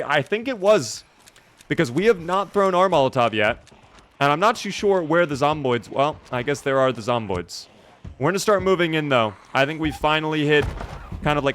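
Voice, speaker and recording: Animated male game streamer. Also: mid-range voice. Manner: animated, jokey, talks to chat and game character. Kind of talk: live gameplay commentary.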